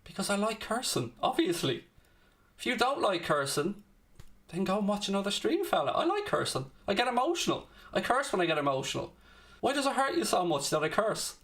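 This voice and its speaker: A man's voice: high voice, very animated, fairly quick, a bit bright. A young man hosting a live football watchalong, commentating on the match and ranting and swearing back at his chat. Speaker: watchalong host.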